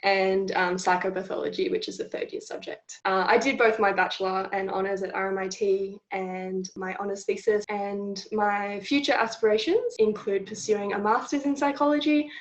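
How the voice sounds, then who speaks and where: A woman's voice: medium pitch, fairly even intonation, moderate pace, few pauses, echoey room. A young woman, a psychology tutor, answering interview questions in a friendly, thoughtful way with frequent fillers. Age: young adult. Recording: dull lo-fi sound.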